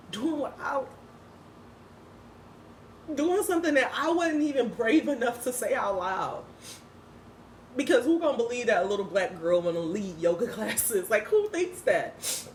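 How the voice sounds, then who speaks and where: A woman gives a casual, emphatic inspirational talk, slangy and full of swearing. Her voice sits at a medium pitch. A faint hiss of noise runs behind her. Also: echoey room. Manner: emphatic, slangy, swears freely, laughs often. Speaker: spiritual vlogger and host.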